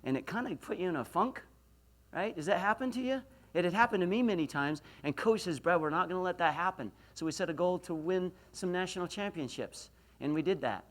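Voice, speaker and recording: A man in his forties giving a university lecture, telling a story with animated delivery and loud emphatic peaks. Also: high voice, a little fast. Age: 40s. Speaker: motivational speaker. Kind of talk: lecture to an audience.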